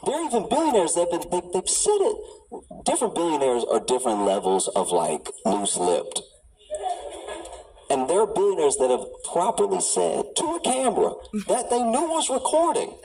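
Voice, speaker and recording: A man's voice: a little high, huge pitch swings, moderate pace, dark tone. Male stand-up comic, ranting storyteller, heard from a distant mic with faint noise. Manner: riffing storyteller, builds into exasperated rants. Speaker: stand-up comedian. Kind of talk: stand-up comedy set.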